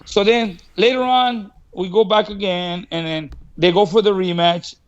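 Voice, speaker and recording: Boxing trainer from Mexico, guest on a podcast, high voice, lively yarn-spinner who plays every quote. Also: male voice, moderate pace, smooth, highs cut off. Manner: animated, acts out quoted dialogue, laughs often. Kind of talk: casual storytelling. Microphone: studio podcast mic.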